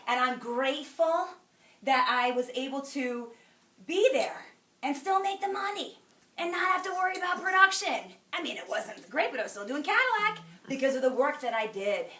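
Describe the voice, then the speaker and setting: A middle-aged woman gives a chatty, preachy motivational talk to a crowd in a large room. Her voice sits a little high and sounds bright and forceful. She is heard from some distance, and the hall adds plenty of echo. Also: lively intonation, normal speed. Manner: emphatic, chatty, preachy, laughs between lines. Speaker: sales director speaking to a group. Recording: echoey hall, speaker far from mic.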